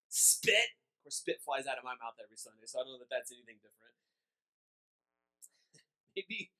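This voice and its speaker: A man with a high voice preaches a conversational sermon in church. He talks informally, cracks small jokes and often restarts his sentences. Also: pushed and bright, rough recording. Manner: informal and joking, with repeated restarts. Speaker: pastor.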